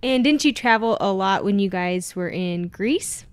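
A woman's voice: medium pitch, expressive, unhurried, slight background noise. A woman hosting a casual family interview, upbeat and playful, asking questions in a chatty way. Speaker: host.

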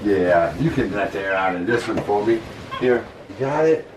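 A man's voice: fairly low pitch, expressive, moderate pace. Playful man chatting to his pet monkeys. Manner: playful, chatty, laughs often, talks to the animals. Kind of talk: casual vlog narration. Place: indoor room filled with balloons. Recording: echoey room, distant mic, background noise.

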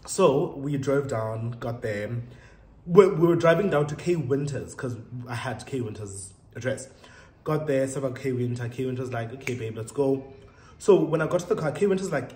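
A man's voice: fairly high pitch, animated, normal speed, dark tone. A young South African man chatting casually and laughing often while telling a story and getting ready. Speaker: vlogger. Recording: roomy echo, faint room noise.

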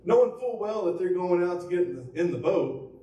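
A man's voice: high-pitched, lively intonation, fairly quick, mellow, dull audio. A man preaching as pastor, telling the story conversationally with rhetorical questions and fillers. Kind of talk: sermon. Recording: echoey room from far off with faint ambience.

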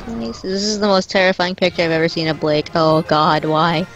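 A woman's voice: on the low side, fairly even intonation, a little fast, dull audio, soft background music. A young woman chatting casually with friends while gaming, reacting dryly and with surprise. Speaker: gaming channel regular. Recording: voice chat with loud keyboard typing.

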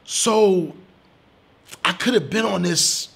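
A man with a husky, slightly rough voice tells a story from his own life in a sit-down interview. He talks casually and with feeling, curses freely, and swings between low, quiet moments and loud bursts. His pitch sits in the usual middle range for a man. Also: a little slow, pauses often. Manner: animated storyteller, swearing, loud bursts when excited. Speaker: comedian.

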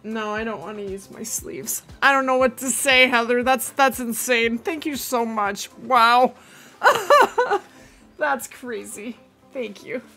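A woman with a high, clear, bright voice hosts a live gaming stream. She talks in a relaxed, unhurried way and chats casually, thinking aloud. Faint music plays in the background. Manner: chatty, thinks aloud, gushes with excitement. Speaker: live-streaming game host. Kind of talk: casual live gameplay commentary.

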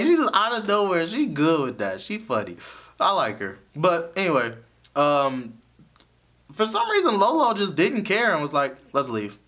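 A man's voice: on the high side, pushed and bright. A man giving a casual, chatty recap of a TV episode, often laughing as he tells it. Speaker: show reviewer.

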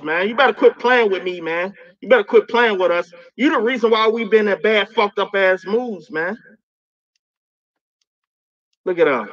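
A man with a fairly high voice rants live on a stream, cursing and taunting something unseen. He is confrontational and profane and stammers through repeats when he gets heated. The audio is muffled and lo-fi, like a phone mic. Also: a bit bright. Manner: repeats words when worked up. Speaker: livestreamer addressing a spirit.

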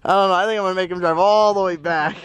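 A man's voice: sits high, fairly even intonation, fairly quick, a bit bright, clean tone. A man chatting casually to viewers in a vlog, teasing and laughing often. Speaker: vlogger.

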